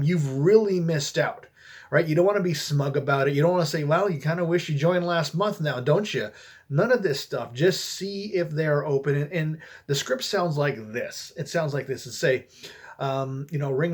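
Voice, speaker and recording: Male coach, husky, fairly high voice, loose conversational delivery with lots of ums. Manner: relaxed, conversational, many fillers and restarts. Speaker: network marketing coach. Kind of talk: casual coaching talk to camera.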